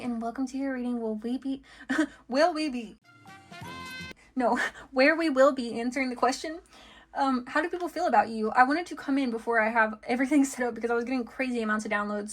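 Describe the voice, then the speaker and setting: A woman giving a casual tarot reading, chatty and giggly, full of fillers and friendly asides. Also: on the high side. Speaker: tarot card reader.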